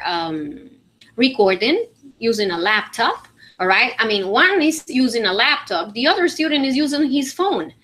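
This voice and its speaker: A woman's voice: a little high, bright, forceful tone. A woman English teacher, presenting a demo at a conference and talking it through with frequent fillers and "all right?" checks. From Venezuela. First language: Spanish.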